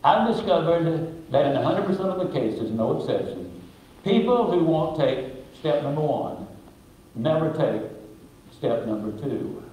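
A man's voice: on the high side, big pitch swings, measured pace, warm tone. A man giving a motivational talk, telling a story in a folksy, emphatic, humorous way, in a very echoey recording played in a church. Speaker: motivational speaker. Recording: very echoey video played in a hall.

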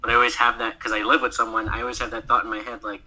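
A man's voice: medium pitch, flat delivery, very fast, bright, forceful tone, poor audio. A man, a guest voice actor, chatting casually on a podcast, laughing often and filling his speech with "like".

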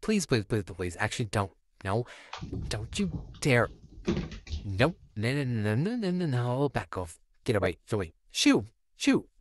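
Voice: big pitch swings, moderate pace, no room sound, natural voice. A performer voicing a flustered, sarcastic male puppet neighbor stuck babysitting a child, in a home-made fan audio drama with a close, dry home mic. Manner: sarcastic, easily flustered, wildly swinging pitch.

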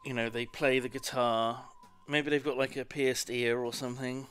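A man chatting casually and swearing now and then while he plays a game on stream, turning soft and cooing when he talks to his cat. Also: medium pitch, flat delivery, normal speed, hardly any pauses, clean tone, soft background music. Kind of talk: casual gameplay commentary.

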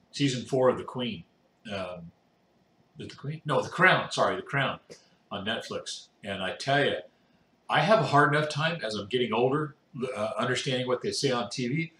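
A video blogger who has cancer chats casually to the camera, rambling with lots of filler words while yawning and sounding worn out. His voice is medium in pitch with a sharp tone. The recording carries a roomy echo.

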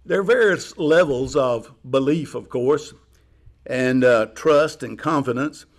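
A man preaching a chapel sermon in a measured way, explaining slowly with pauses. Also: mid-range voice. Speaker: chapel speaker.

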